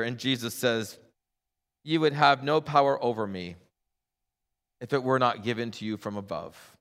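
A middle-aged man preaching a sermon as a pastor, animated and acting out voices in his stories. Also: mid-range voice, normal speed, long pauses. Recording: long hall reverb.

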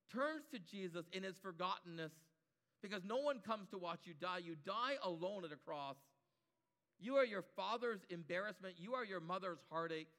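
A man's voice: high voice, a bit bright, long reverb tail. A man preaching a sermon, building his points through emphatic repetition.

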